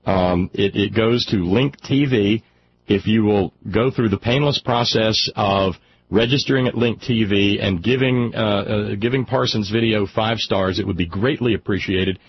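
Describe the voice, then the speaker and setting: A man's voice: on the low side, normal speed. A man hosting a political talk radio show, heated and stammering, restarting sentences often. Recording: slightly dull radio audio with faint noise.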